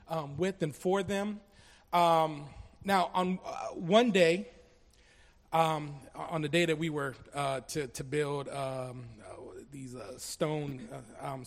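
A man from Colombia giving an earnest, halting personal testimony to a church congregation, with many restarts. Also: fairly high pitch. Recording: long reverb of a large hall.

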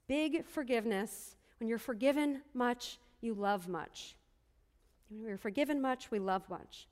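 A woman's voice: sits high, big-room sound. A woman pastor preaching a sermon, telling a story earnestly and repeating phrases for emphasis.

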